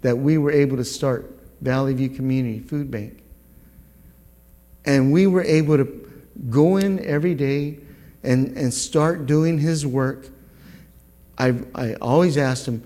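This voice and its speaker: A middle-aged man shares his testimony before a church congregation, speaking very slowly and earnestly. He stumbles and repeats words as he goes, and his voice rings with the long reverb of a big hall. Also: medium pitch, warm tone. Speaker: guest speaker giving a testimony.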